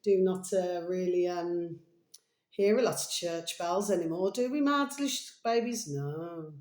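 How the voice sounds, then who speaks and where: A woman's voice: lowish voice, unhurried, a little mellow, echoey room. A woman hosting a chatty, rambling vlog, calling her viewers "babies" and drifting between topics. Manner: rambling, affectionate, calls viewers "babies", hums and sings snatches. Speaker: video host.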